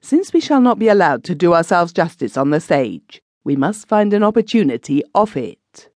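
A woman's voice: fairly low pitch, very animated, moderate pace, darkish tone, no echo, studio quality, voice pushed up. A woman reading the part of a fat male comic actor who talks in a theatrical, declamatory way, in an audiobook. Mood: dignified.

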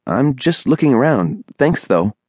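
A man's voice: medium pitch, big pitch swings, measured pace, darkish tone, breathy edge, no echo, studio quality, pitched above the performer's own voice. A man voicing a nervous, polite young boy in an audiobook, with a hesitant, apologetic manner. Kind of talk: audiobook character voice.

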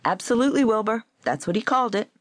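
Woman doing a rasping, stern literary man. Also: a little high, animated, fast, no echo, studio quality, pitched above the performer's own voice, natural voice.

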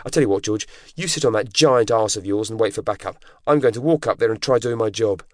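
A man voicing an impatient young female coastguard officer, shrill and urgent as she shouts. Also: fast, dry recording, studio quality, natural voice. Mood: exasperated.

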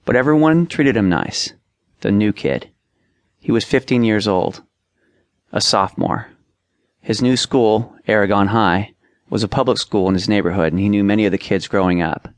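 A man narrating an audiobook, reading plainly and raising his voice for shouted lines. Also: lowish voice, normal speed, no room sound. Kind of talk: scripted narration.

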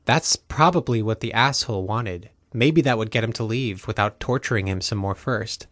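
A male audiobook narrator reading a novel in a measured, even way. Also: lowish voice, no echo. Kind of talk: scripted narration.

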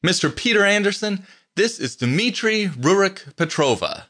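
A man's voice: high-pitched, wildly swooping pitch, moderate pace, pushed and bright, pitched above the performer's own voice, full character voice. A man doing a cheerful young porter. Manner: polite and cheerful.

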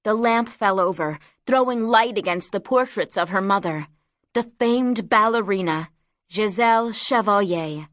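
A woman narrating an audiobook in a measured, dramatic storytelling manner. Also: mid-range voice, a bit bright, no echo, studio quality.

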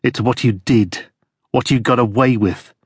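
A man voicing a muffled masked captor who speaks slowly and taunts with controlled anger. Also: medium pitch, husky, no echo, studio quality. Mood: taunting. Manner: slow, measured and taunting.

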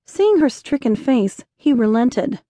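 A woman narrating an inspirational romance audiobook in a measured storytelling voice on a close studio mic. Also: a little high, sing-song, dark tone, no echo. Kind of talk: scripted narration.

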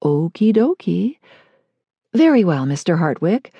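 A woman's voice: lowish voice, big pitch swings, a little slow, husky, no echo, dull audio, heavily acted. A woman narrator voicing a polite young female hotel desk clerk who speaks in a professional tone and gets flustered.

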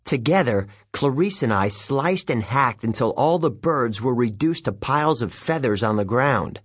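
Guy reading a kids audiobook, wry and animated, kinda husky. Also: mid-range voice, normal speed, no echo, studio quality. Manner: lively, wry storytelling with youthful character voices. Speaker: audiobook narrator. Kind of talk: first-person audiobook narration.

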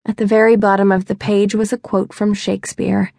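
A woman's voice: medium pitch, flat delivery, fairly quick, vocal fry, mellow, no echo, studio quality. A young woman narrating a first-person romance audiobook in a wry, chatty, self-mocking way. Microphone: close studio mic.

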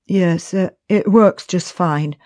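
A woman narrator voicing a man's dialogue, hesitant and quiet as he confides something awkward. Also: on the low side, slow pace, dry recording. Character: shy, awkward confident man confessing.

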